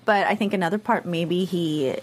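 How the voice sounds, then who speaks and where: A woman's voice: on the low side, normal speed. A woman on a podcast panel, chatting casually and acting out quotes with energy. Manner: lively, acts out quotes. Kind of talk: casual chat.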